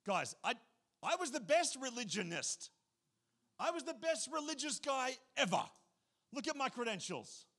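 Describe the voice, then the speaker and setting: A man's voice: very high voice, big pitch swings, normal speed, fairly bright tone, voice pushed up, heavily acted. A man voicing the apostle Paul as an indignant, emphatic man who exclaims in disbelief. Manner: exclaiming, incredulous.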